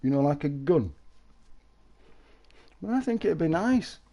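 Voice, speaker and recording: A man live-streaming, chatting casually with viewers, rambling and laughing, with exaggerated shouted sound effects. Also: a little high, very animated, a little slow.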